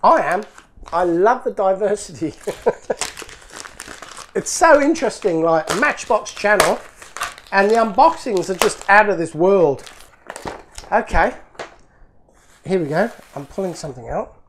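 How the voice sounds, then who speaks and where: A man hosting a toy car channel, chatting casually and excitedly as he opens fan mail, laughing often. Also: high voice, a little slow, long pauses, slight background noise. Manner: excitable, laughs often, talks to himself while opening parcels. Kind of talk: casual unboxing commentary.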